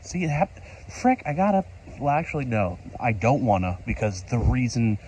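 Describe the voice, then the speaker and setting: A tired man in casual, rambling vlog commentary, excitable and talking to himself while standing outside in a rainstorm. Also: medium pitch, moderate pace, breathy edge, rough recording. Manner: chatty, excitable, talks to himself, mild self-censored cursing. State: tired from staying up all night. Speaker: vlogger. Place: outdoors on a top step in a rainstorm. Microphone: handheld camera. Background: rain falling.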